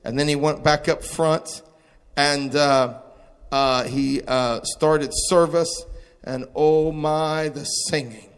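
A man preaching a testimony sermon, moving between quiet storytelling and shouted exclamations. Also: a little high, steady tone, takes it slowly, clear, resonant tone. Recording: long hall reverb.

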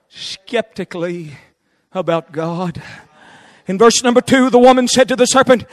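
A man preaching a revival sermon, fiery and shouting in a repetitive cadence. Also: high voice, moderate pace.

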